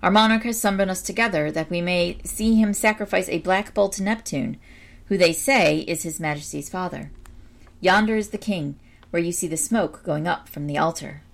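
A young storybook townsman, as a woman reads him, matter-of-fact and informative. The voice is low and a little gravelly. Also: moderate pace. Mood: explaining.

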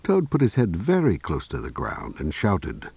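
A man reading a children's storybook aloud in a slow, clear, expressive way. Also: low-pitched, dry recording.

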